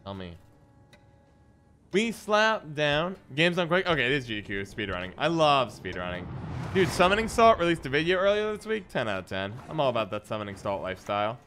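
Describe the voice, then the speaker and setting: A man's voice: fairly high pitch, big pitch swings, a little fast, a bit bright. A man streaming a card game, chatting playfully with his viewers and answering chat as he plays. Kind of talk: casual live-stream gameplay commentary.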